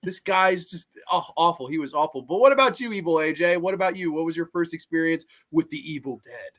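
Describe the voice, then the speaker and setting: A man's voice: fairly high pitch, fairly quick, fairly bright tone. A young man in his twenties hosting a casual live horror podcast, chatty and joking as he greets viewers. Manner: chatty, joking, reads chat greetings aloud. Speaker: podcast host. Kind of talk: casual live-stream chat.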